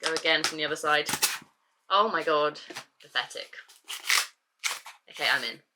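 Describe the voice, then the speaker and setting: A woman vlogging casually to a handheld camera, talking in a gushing, excitable, chatty way. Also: low-pitched, normal speed, very noisy. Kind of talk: casual vlog chat to camera.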